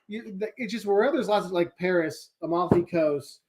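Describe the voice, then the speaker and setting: A man's voice: high-pitched, moderate pace, darkish tone. A man from the United States hosting a casual live travel chat, talking easily and telling anecdotes. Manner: easygoing, chatty, tells anecdotes. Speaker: host of a travel show.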